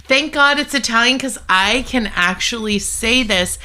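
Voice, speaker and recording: A woman's voice: a little high, measured pace, bright, forceful tone. A woman co-hosting a podcast in casual chat, jokey and teasing, laughing often. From United States. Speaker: podcast co-host.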